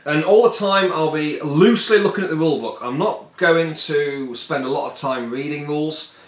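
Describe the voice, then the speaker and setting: A man casually talking through a solo tabletop wargame, rambling and joking, with a fairly high voice. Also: moderate pace. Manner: rambling and jokey, puts on silly voices for the miniatures. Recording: echoey room.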